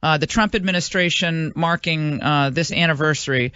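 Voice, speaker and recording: Bright, chatty woman radio host. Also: sits low, moderate pace, clear, resonant tone, dry recording, dull audio. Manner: chatty, emphatic, with frequent fillers. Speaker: radio talk show host. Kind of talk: casual talk radio. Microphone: studio microphone.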